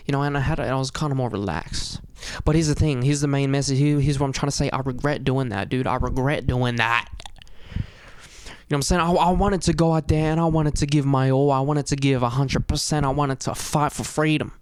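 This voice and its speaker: A young man tells a story in a loose, rambling way, packing his talk with "you know," "dude" and "bro." His voice sits at an ordinary pitch and sounds close and dry, with no room around it. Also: steady tone, brisk, clear, resonant tone, dry recording. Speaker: vlogger. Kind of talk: casual storytelling monologue.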